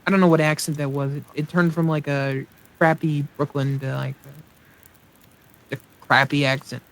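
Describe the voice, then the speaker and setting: A man with a fairly high voice talks through a survival game as he plays it. He rambles and thinks aloud, and he pokes fun at his own mistakes in a casual, self-mocking way. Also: little pitch movement, normal speed, gravelly. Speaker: let's play host. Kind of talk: casual gameplay commentary.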